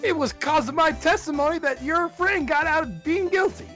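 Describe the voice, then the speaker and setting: A man's voice: very high-pitched, moderate pace, over music, pitched above the performer's own voice. A man voicing a brash, nosy Southern woman photographer from a video game, with a folksy put-on Southern drawl and a teasing manner. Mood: sassy. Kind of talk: game dialogue read-along.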